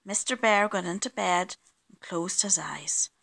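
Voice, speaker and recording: A woman reading a children's picture book aloud, slow and expressive, acting out the sound effects. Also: fairly low pitch, vocal fry. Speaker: children's story reader.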